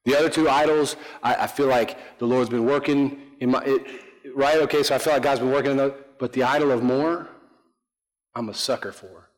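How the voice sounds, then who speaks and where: A pastor preaches in a casual, joking style, poking fun at himself and quizzing his listeners. His medium-pitched voice rings with the long reverb of a large hall. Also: fairly quick. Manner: conversational, joking, self-deprecating, asks the congregation questions. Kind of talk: sermon. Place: church sanctuary.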